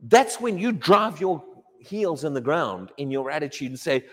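A male pastor preaching with a high, lively voice that swings up and down as he acts out the voices he quotes. His words ring with a long reverb from the church hall. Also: moderate pace. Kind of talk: sermon.

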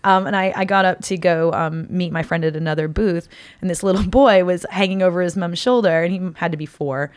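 A woman in her thirties, a cosplayer, telling stories in a lively casual chat and laughing often. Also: on the low side, brisk, no echo, clean studio sound. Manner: animated storyteller, laughs often. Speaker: cosplayer guest.

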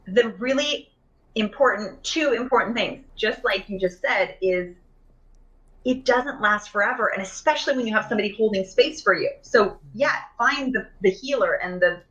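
A woman's voice: medium pitch, moderate pace, fairly bright tone, highs cut off. A woman in a casual conversation about emotional healing, chatty, with many fillers and restarts, speaking over a video call.

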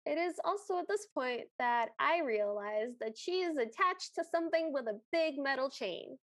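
Podcast cohost lady, high voice, playful, super dry mic. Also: animated, normal speed, no room sound. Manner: playful, acts out characters. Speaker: podcast co-host. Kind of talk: casual chat, film recap.

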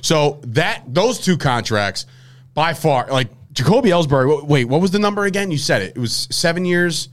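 Man with lively pitch, rambling sports talk. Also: moderate pace. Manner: rambling, animated, self-interrupting. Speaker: podcast host. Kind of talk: casual sports chat.

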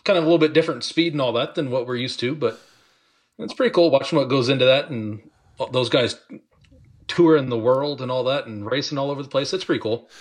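A man's voice: mid-range voice, fast talker. A man co-hosting a casual sports podcast, talking in a laid-back way with short replies. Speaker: podcast co-host.

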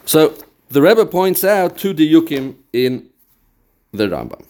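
A man's voice: a little high, big pitch swings, slow pace, darkish tone. Man giving a Talmud study lecture. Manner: explains step by step, quoting texts in a study chant; mixes English with Yiddish and Hebrew terms. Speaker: Torah teacher.

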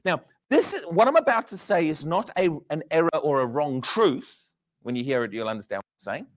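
Male preacher, high and lively pitch, sermon full of rhetorical questions, shifting between loud and hushed lines. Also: a little fast.

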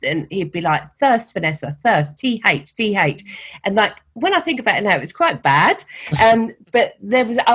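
A middle-aged woman with a softened London Cockney accent, talking candidly as an interview guest and telling stories with animation. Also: mid-range voice, husky. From East London, England. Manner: candid, animated storytelling with laughs. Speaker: guest, founder of a women's network. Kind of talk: conversational interview.

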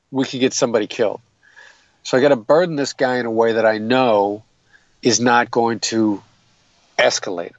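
A man's voice: medium pitch, dry recording, lo-fi sound. A man explaining negotiation tactics in an interview, earnest and methodical, often restarting his sentences. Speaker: guest, hostage negotiator.

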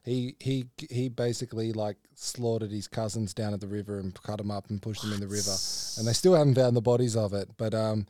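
A man's voice: lowish voice, fairly even intonation, a little fast, few pauses, mellow, dry recording, clean studio sound. A man with an Australian accent co-hosting a podcast, a rambling storyteller who laughs often. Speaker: podcast co-host. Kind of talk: casual chat.

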